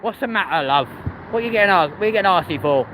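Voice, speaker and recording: A man's voice: high-pitched, expressive, rapid-fire, a bit bright, a little hiss or hum, rough recording. A man with a London accent, live-streaming as he walks city streets and chatting cheekily with viewers, swearing freely. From England. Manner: cheeky, sweary, chats to the live chat while walking.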